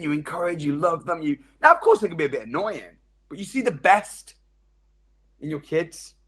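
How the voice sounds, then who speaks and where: A man's voice: high voice, brisk, breathy edge. A man speaking to a live seminar audience, addressing them directly with questions and acting out the inner voices he describes. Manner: animated, acts out quoted inner voices. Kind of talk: live motivational seminar talk.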